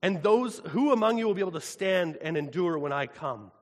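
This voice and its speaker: Man voicing wrathful God, outraged, shouting, high strained pitch, long reverb. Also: expressive, brisk. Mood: solemn. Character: furious booming God, wrathful and indignant.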